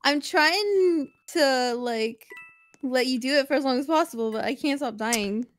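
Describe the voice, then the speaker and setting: A woman's voice: high-pitched, measured pace. A woman playing a video game with a friend on a stream, teasing him in casual chat. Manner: teasing, giggly. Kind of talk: casual chat while gaming.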